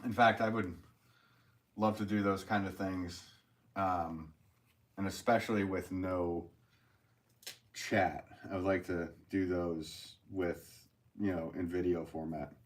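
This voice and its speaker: A man's voice: low voice, fairly even intonation, takes it slowly, pauses often. A man hosting a casual live stream, reading viewer comments aloud, chatty and upbeat, thanking people and laughing often.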